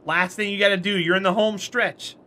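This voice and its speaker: Man streamer, bright tense voice, high pitch, casual friendly chat with viewers. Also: steady tone, brisk. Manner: chatty and friendly, answers chat by name, laughs often. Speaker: game streamer.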